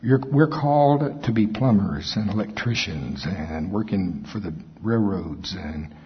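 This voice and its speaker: Brief: male pastor, husky, folksy and self-mocking; sermon from a reverberant hall, lo-fi. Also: lowish voice, expressive, unhurried. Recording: echoey hall, dull lo-fi sound.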